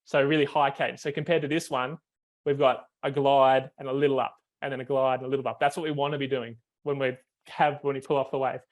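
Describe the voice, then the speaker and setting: A man's voice: medium pitch, flat delivery, fast. A man, a foiling coach, explains technique on a video call, step by step, with many fillers and restarts.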